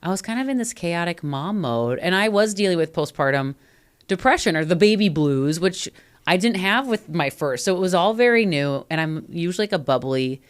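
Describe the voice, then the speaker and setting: Chatty woman co-host with a low voice. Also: normal speed, smooth. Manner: chatty, animated storytelling with laughs. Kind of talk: casual chat.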